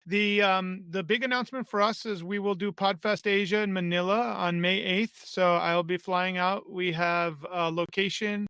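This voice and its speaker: A man's voice: high-pitched, steady tone, moderate pace, hardly any pauses, bright, forceful tone, smooth, no echo. A man who organizes a conference, speaking in a matter-of-fact way on a podcast. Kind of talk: casual chat.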